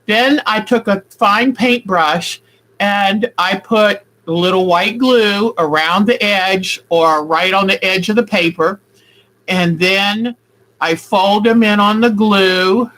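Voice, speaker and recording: A woman's voice: medium pitch, fairly bright tone, poor audio. A woman at home showing her quilting work in a casual, rambling way, thinking aloud as she goes. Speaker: quilting vlogger. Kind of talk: casual craft demonstration.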